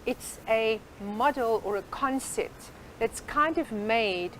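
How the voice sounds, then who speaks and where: A woman with a somewhat high voice explains her approach in an earnest, patient way, leaning on homely sayings. A faint hiss of noise sits under the voice. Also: slow pace, fairly bright tone, poor audio. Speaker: guest life coach. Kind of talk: interview.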